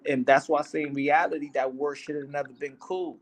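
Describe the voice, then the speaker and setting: A man's voice: fairly high pitch, steady tone, a little fast. A young man, a boxer, talking in a casual interview in a heated, emphatic, profane way, often repeating himself.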